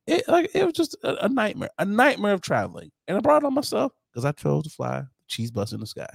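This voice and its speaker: A man's voice: sits high, quick pace, vocal fry, hardly any pauses, husky, no room sound. A man co-hosting a casual podcast, telling travel stories with lots of laughter and acting out the other people's lines. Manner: animated storyteller who acts out the other people's lines and laughs often. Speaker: podcast co-host. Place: home to Detroit.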